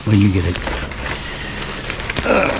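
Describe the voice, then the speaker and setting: Outdoors at night, with clear background noise, a man vlogs casually about his dumpster dive. His voice is lowish and slow, with wildly swooping pitch, and he rambles with dry sarcasm and the odd sigh.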